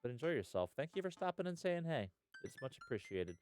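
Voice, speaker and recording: A man's voice: medium pitch, sing-song, fast, a little mellow, faint music behind. A man streaming live, chatting casually and rambling with viewers, dropping lots of "uh" and "hell yeah".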